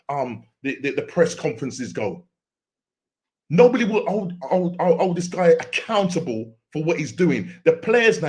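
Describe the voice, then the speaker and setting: A man hosting a football fan reaction, ranting with exasperation and often repeating and restarting his words. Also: high voice. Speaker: football fan channel host. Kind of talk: post-match fan reaction rant.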